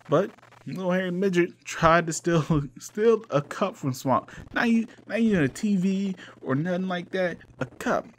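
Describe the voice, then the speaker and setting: A man's voice: on the high side, lively intonation, unhurried, dry recording. A man comically retelling a story in rambling, slang-filled speech with laughing asides. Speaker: comedy game reviewer.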